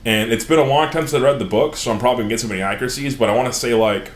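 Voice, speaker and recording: A man's voice: mid-range voice, very fast. A man hosting a casual podcast and animatedly retelling fantasy lore, swearing often. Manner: animated storytelling, frequent profanity. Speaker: podcast host. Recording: roomy echo.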